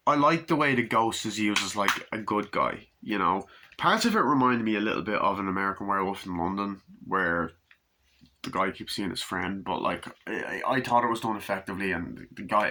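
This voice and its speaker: A man giving a loose, rambling movie review, swearing freely and filling pauses with "um" and "like". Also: lowish voice, sharp tone. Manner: loose and profane, full of fillers, acts out quotes.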